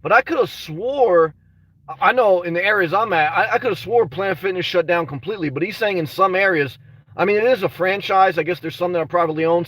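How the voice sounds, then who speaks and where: Casual livestreamer, male, high-pitched, rambling and frustrated, dry sound from a distance from the mic. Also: brisk, a bit bright, dry recording. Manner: rambling, frustrated, full of "man" and restarts. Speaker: vlogger reading live chat.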